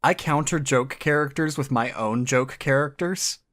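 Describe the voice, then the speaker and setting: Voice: medium pitch, moderate pace, a bit bright. A speaker on a casual podcast acting as game master, rambling and swearing casually. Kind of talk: casual chat.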